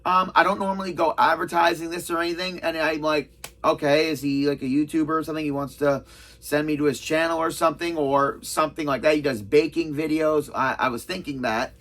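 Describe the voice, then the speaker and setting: A man's voice: fairly high pitch, fairly even intonation, brisk, a bit bright. A man telling a convention story in a casual, rambling way, with many restarts and quoted back-and-forth.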